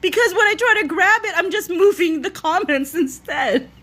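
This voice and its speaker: A woman's voice: very high voice, expressive, moderate pace, sharp tone. A woman hosting a casual live stream from her phone, laughing to tears while reading viewer comments aloud. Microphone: phone front camera.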